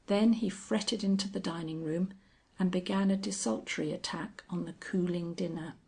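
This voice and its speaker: A woman reading a classic story aloud in a measured, unhurried narration. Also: fairly low pitch, fairly even intonation, vocal fry, mellow, husky.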